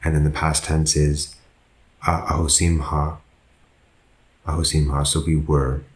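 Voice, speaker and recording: A monk teaching a Pāli grammar lesson, working through sentences slowly and methodically and pausing to correct himself. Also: male voice, rumbling low, flat delivery, echoey room, low-quality recording.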